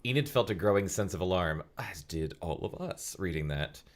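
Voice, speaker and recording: Sweary sarcastic podcast dude reading a book out loud, lowish voice that jumps all over. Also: male voice, moderate pace. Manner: profane, sarcastic, animated. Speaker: podcast co-host reading a novel aloud. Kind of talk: casual comedic chat and reading aloud.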